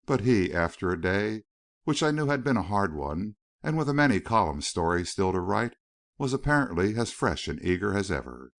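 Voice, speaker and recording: Low, expressive male audiobook narrator. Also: moderate pace, gravelly. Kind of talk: first-person novel narration.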